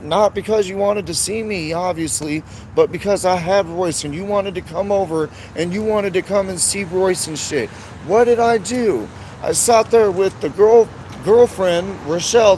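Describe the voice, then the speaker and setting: A man's voice: fairly high pitch, darkish tone, a little hiss or hum. A man ranting in a heated, rambling, profane monologue on his live stream.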